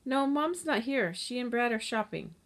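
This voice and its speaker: A woman's voice: a little high, animated, normal speed, voice pushed up. Bossy teen girl, curt and dismissive, read aloud in a storybook by a woman reader. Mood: polite phone. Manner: curt, scornful.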